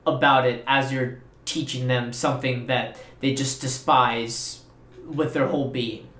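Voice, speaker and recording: Bright-voiced man hosting, echoey room. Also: medium pitch, steady tone, a little slow. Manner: curious, prompting questions. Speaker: podcast host. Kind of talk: casual interview questions.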